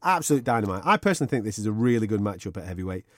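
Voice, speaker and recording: A man co-hosting a sports podcast with fast, swearing, laddish banter. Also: on the low side, sing-song, dry recording, studio quality. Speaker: podcast co-host. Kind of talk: casual sports chat.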